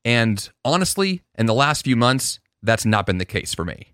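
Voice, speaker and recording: A man talks through his podcast alone, earnest and reflective, often backing up and restarting a thought. His voice sits in a middle pitch. The sound is dry and close, with no room around it. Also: big pitch swings, moderate pace, a bit bright, clean tone, no room sound. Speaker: podcast host. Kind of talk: casual solo podcast monologue.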